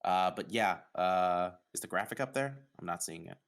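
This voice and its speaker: Man hosting, lower-pitched, building up reveals. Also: animated, fairly bright tone. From New York. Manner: upbeat, dramatic pauses on reveals. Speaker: host. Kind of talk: casual podcast chat, announcing results.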